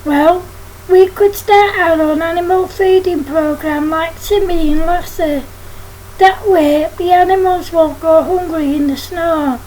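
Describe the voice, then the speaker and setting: An earnest little boy from a storybook, read by a woman in a slow, high voice. He is hopeful and sincere. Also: steady tone, darkish tone, slight background noise, low-quality recording.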